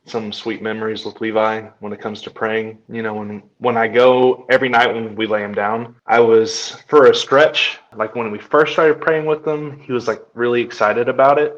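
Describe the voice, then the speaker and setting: A man's voice: fairly low pitch, fairly even intonation, normal speed, hardly any pauses, highs cut off. A young man, a podcast co-host, chatting casually and telling family stories, acting out his son's lines. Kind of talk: casual chat.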